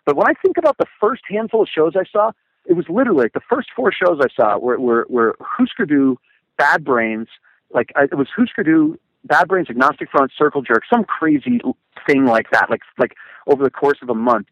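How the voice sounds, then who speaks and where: A middle-aged man and podcast guest telling lively stories in a casual chat, acting out quotes and using many fillers. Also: on the high side, fairly quick, no room sound, dull audio. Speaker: podcast guest, motivational speaker. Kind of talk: casual storytelling.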